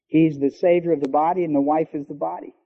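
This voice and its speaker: A man preaching a sermon, teaching emphatically and slowing down to stress key words. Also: on the high side, steady tone. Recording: long hall reverb, dull lo-fi sound.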